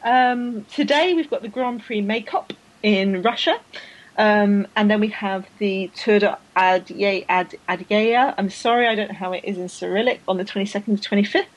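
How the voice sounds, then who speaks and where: A chatty woman hosting a podcast, talking in a loose, rambling way full of fillers and false starts. She sounds enthusiastic and piles up her praise. Her pitch sits in an ordinary middle range. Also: moderate pace, rough recording. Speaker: podcast host. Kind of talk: casual chat.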